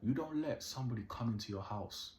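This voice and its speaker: A man's voice: medium pitch, quick pace, a little hiss or hum. A young man from the Caribbean telling a true story casually, checking in with "yeah?" and drawing moral lessons. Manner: animated, keeps asking "yeah?", moralizing. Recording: echoey room.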